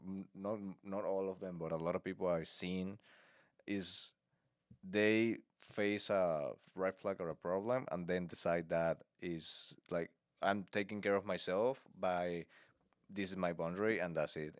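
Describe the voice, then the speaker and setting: A man co-hosting a podcast, telling a story in animated casual chat, laughing often and speaking with slightly uneven grammar. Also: sits low, no echo, studio quality. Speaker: podcast co-host.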